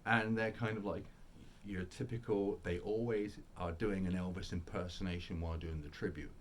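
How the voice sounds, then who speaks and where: A man's voice: deep voice, steady tone, moderate pace, a little hiss or hum. A man hosting a casual monologue about old records, rambling and enthusiastic, often interrupting himself. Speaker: record collector host.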